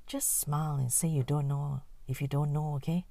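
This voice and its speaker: A woman voicing a sly middle-aged male hustler who coaxes and instructs in a soft, wheedling way. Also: low voice, fairly even intonation, moderate pace, creaky, no echo.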